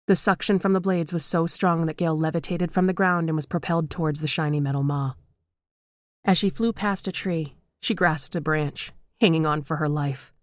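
A woman narrating a horror short story in a measured, dramatic way. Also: low voice, no room sound.

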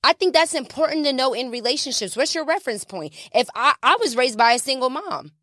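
A woman's voice: high-pitched, lively intonation, fairly quick, fairly bright tone, no echo. A woman co-hosting a podcast in a studio, talking casually in an emphatic, worked-up way and repeating questions to drive her point home. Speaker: podcast co-host. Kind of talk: casual chat. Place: podcast studio under hot lights.

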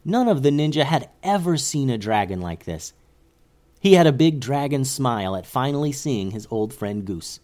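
Calm man reading a children's story. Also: mid-range voice, normal speed.

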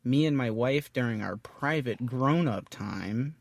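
A man's voice: medium pitch, expressive, measured pace, creaky, no echo, studio quality. A man voicing a grumpy Australian father reading from his own book, in a strained, exaggerated put-on Australian accent. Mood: grumbling.

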